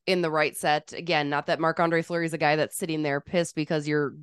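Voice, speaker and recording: A woman co-hosting a podcast with chatty, teasing, animated sports talk. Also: low voice, brisk, smooth, no echo, clean studio sound. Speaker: podcast co-host. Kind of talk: casual sports chat.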